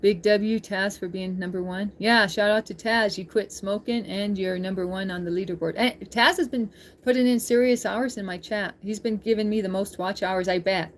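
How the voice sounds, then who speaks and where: A woman's voice: medium pitch, steady tone, normal speed, a little hiss or hum. A woman live-streaming, chatting casually with her viewers, laughing often and reading chat aloud.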